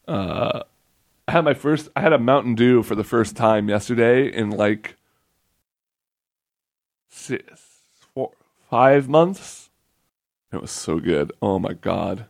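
A man's voice: medium pitch, expressive, slow pace, vocal fry, pauses often, no echo, studio quality. Rambling, joking male podcast host. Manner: rambling, joking, self-mocking. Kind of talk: casual solo podcast chat.

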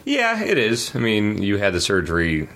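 A man's voice: on the low side, huge pitch swings, moderate pace, a bit bright. A man hosting a casual podcast chat, rambling and teasing. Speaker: podcast host. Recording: faint background noise.

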